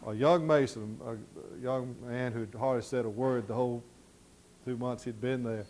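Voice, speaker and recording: A middle-aged man telling folksy stories during an architecture slide lecture, halting with many fillers. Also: medium pitch, fairly even intonation, a little mellow. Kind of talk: storytelling lecture.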